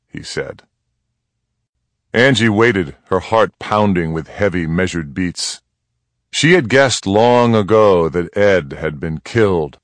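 A man narrating a western story aloud in a calm, even storytelling manner. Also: low-pitched, dry recording. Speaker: audiobook narrator.

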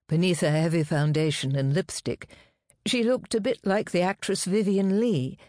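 A woman narrating a novel in an even, measured reading voice. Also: on the low side, dry recording, studio quality. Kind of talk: scripted audiobook narration.

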